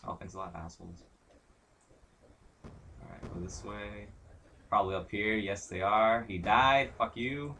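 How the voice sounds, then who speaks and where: A young man giving live commentary over a shooter match, muttering play-by-play, swearing constantly and breaking into angry shouts. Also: lowish voice, unhurried, creaky, pauses often, a little hiss or hum. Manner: mutters play-by-play under his breath. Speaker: gaming commentator.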